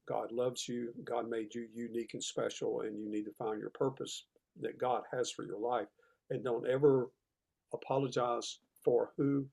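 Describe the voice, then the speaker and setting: Southern man, interview guest; earnest, plainspoken, husky with a gravelly edge. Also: medium pitch, darkish tone. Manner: heartfelt, plainspoken storytelling. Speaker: podcast guest, former teacher.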